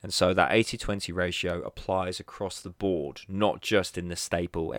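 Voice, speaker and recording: A man's voice: sits low, fairly even intonation, normal speed, few pauses, a bit bright, no echo. A man hosting his own podcast, talking casually and animatedly and laughing at his own slips. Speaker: podcast host. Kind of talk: solo podcast monologue.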